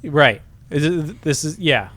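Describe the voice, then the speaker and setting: A man's voice: a little high, animated, unhurried, fairly bright tone, slight background noise. Blunt, sweary podcast man. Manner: blunt, swears freely, sarcastic. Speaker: podcast co-host. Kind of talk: casual chat.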